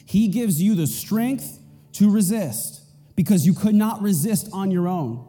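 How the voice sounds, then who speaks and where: Man, pastor, high voice, mellow dark tone, emphatic sermon, echoey church, soft music. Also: expressive, unhurried. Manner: emphatic, repeats key points. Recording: reverberant hall with faint music.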